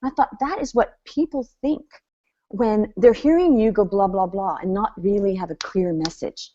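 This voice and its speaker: Woman business coach, chatty and animated, laughs a lot, kinda dull lo-fi audio. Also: mid-range voice, normal speed. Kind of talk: live online coaching seminar.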